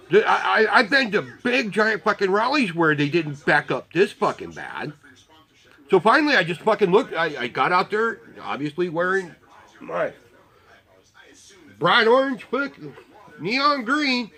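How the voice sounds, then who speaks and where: A man's voice: sits high, big pitch swings, a little slow, pauses often, bright, forceful tone, low-quality recording. A man telling a story in a casual, rambling way, blunt and heavily profane. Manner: rambling with restarts. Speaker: volunteer motorcycle parade marshal.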